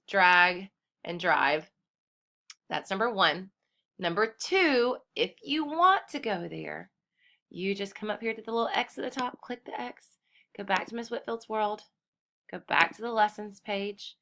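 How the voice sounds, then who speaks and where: A woman's voice: mid-range voice, pushed and bright. A woman teaching a kindergarten class through a screen-recorded computer lesson. She speaks in a cheerful, encouraging way and calls the children friends.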